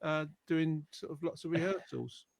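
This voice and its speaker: A man's voice: fairly high pitch, normal speed, gravelly, no echo, clean studio sound. A man hosting a casual online show, chatty and teasing in a friendly way. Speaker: host.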